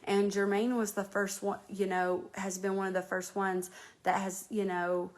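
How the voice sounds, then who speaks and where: A woman's voice: medium pitch, little pitch movement, normal speed. A woman from North Carolina hosting a casual live chat, talking earnestly and rambling with many restarts and fillers. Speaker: host.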